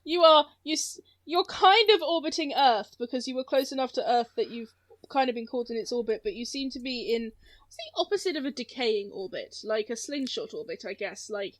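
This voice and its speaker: A woman's voice: on the high side, lively intonation, brisk. A woman narrating a tabletop game as game master, casual and often laughing, sometimes searching for words.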